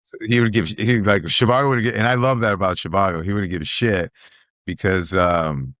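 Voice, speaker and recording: A man's voice: sits low, steady tone, fairly quick, a bit bright, no echo, clean studio sound. A middle-aged man, a guest comedian telling stories in casual chat, who repeats phrases for emphasis and acts out what other people said.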